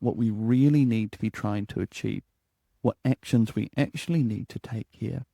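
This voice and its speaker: A New man teaching an HR lesson in a calm, deliberate voice that settles downward at the end of his statements. His tone is dark and gravelly. The sound is dry and close. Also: medium pitch, no echo. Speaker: HR coach and podcast host. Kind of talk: spoken HR lesson.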